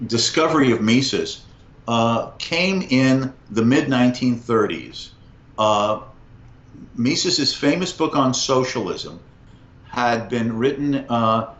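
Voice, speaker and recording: Man in his sixties telling stories in an echoey room. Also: medium pitch. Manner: animated anecdote teller, lively vocal emphasis. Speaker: guest, economics professor. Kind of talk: storytelling in a conversational interview. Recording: echoey, slightly muffled room.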